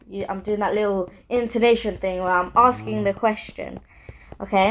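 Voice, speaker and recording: A woman's voice: medium pitch, unhurried. A woman casually teaching Arabic phrases, chatty, repeating words with exaggerated question intonation. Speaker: language teacher and gaming channel host.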